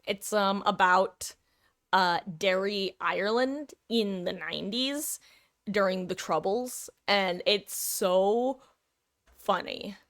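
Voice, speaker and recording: A woman live-streamer talks to her chat at a desk mic, wandering from topic to topic and catching herself mid-thought. Her voice sits at an ordinary middle pitch, and she laughs easily between asides. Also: slow pace, fairly bright tone. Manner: chatty, rambling, self-interrupting, laughs often.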